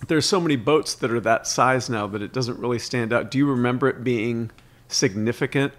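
A man's voice: medium pitch, brisk. A man hosting a casual interview. He fills in background facts for the listener, then turns back to the guest with a follow-up question. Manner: explanatory, adds background facts.

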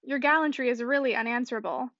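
An arch, playful young lady, sure of her own wit, as a woman reads her. The voice is high. The recording sounds dry and dull. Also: fast, fairly bright tone, no echo, lightly acted. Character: witty self-assured young lady.

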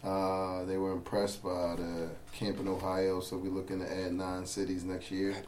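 A man speaking as a podcast guest in casual chat, upbeat and hopeful with many pauses. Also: low-pitched, completely flat delivery, a little mellow, reverberant, a little hiss or hum.

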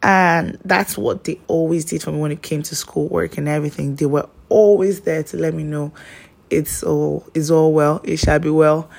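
A woman's voice: low voice, steady tone, normal speed, vocal fry, a little mellow. A young woman, chatting casually and telling personal stories, rambling with lots of fillers. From Nigeria.

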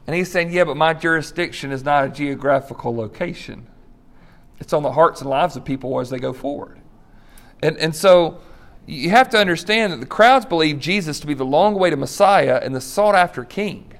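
A man delivers a sermon with an animated, storytelling delivery, slipping into quoted voices and laughing now and then. His voice sits a little high for a man. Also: moderate pace. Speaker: pastor.

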